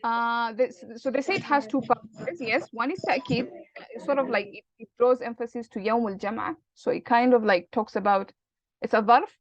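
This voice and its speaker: A woman's voice: on the high side, moderate pace, no echo. Woman teaching grammar, dull dry audio. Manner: patient, explaining step by step with rhetorical questions. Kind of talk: online grammar lesson.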